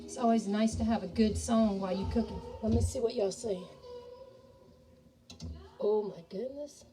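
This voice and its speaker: A woman's voice: medium pitch, moderate pace. A woman chatting folksily to viewers as she cooks soup in her home kitchen. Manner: folksy, talks to viewers as y'all. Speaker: home cook and ghost tour guide. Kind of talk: chatty cooking video. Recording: distant mic, music playing behind.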